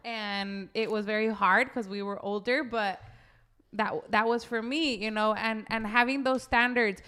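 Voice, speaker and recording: Bright-voiced young woman co-host. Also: mid-range voice, clear, resonant tone. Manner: chatty, lists things off, talks straight to listeners. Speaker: podcast co-host. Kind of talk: casual chat.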